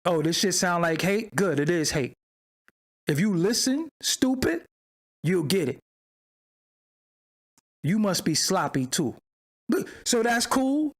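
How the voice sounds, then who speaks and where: A man's voice: high-pitched, big pitch swings, slow pace, long pauses. A man hosting a livestream, ranting in a profane, mocking, confrontational way and arguing with viewers in the chat. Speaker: channel host. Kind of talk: livestream commentary rant.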